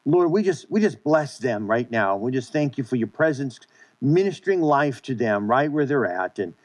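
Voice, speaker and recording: A man's voice: mid-range voice, big pitch swings, moderate pace. A male pastor preaching and praying a sermon in an earnest way, with many restarts and repeated words.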